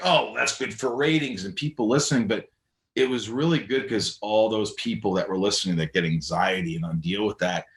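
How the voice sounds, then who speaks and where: A man telling stories as a podcast guest, animated, acting out the voices of people he quotes. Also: fairly low pitch, reverberant. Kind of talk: casual storytelling conversation.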